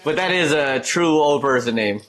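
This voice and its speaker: A man's voice: a little high, lively intonation, normal speed, a bit bright. A man streaming live, chatting casually and reading out chat messages, trailing off and restarting as he goes.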